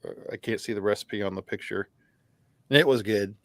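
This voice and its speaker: A man co-hosting a casual bourbon podcast, telling a story in halting bits and restarting often. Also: fairly low pitch, a bit bright, no echo. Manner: halting, restarts often while recalling details. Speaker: podcast co-host.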